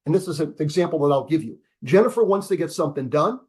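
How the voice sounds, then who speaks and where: Speaking quickly in a husky but notably high voice, this business school professor in his seventies teaches energetically by video call. Like a classic lecturer, he emphasizes and repeats key terms and asks his listeners rhetorical questions.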